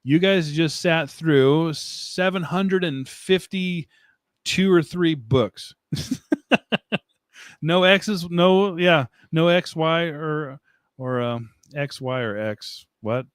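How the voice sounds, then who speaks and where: A man's voice: a little high, very slow, clear, resonant tone, no echo, studio quality. A man hosting a casual live stream, rambling, joking at his own expense and laughing often as he answers chat comments. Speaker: livestream host. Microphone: desk mic, streaming setup.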